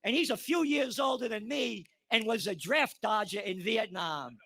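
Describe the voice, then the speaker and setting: High, bright-toned ranting older man. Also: moderate pace, creaky. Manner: angry, sardonic ranting. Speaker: commentator. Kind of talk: impassioned monologue.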